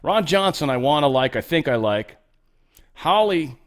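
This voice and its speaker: A man's voice: fairly high pitch, very animated, unhurried. Rambling sarcastic man ranting on politics. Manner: rambling, profane and sarcastic, mocking asides. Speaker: political commentary host. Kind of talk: casual political commentary.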